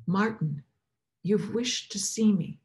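Woman reader doing a gentle divine voice in a storybook, solemn and measured. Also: medium pitch, expressive.

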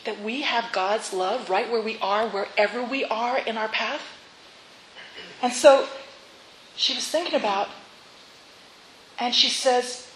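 A woman's voice: a little high, fairly even intonation, slow pace, long pauses, fairly bright tone, echoey room, slight background noise, poor audio. A woman pastor preaching a sermon in a church, telling a story and asking rhetorical questions, and leading her congregation to repeat lines after her. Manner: leads congregation in call-and-response repetition. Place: church sanctuary.

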